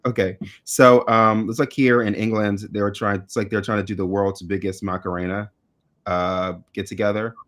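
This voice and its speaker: Low-voiced man chatting through the news. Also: level tone, a bit bright. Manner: chatty, halting with fillers and restarts. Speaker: co-host. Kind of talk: casual news chat.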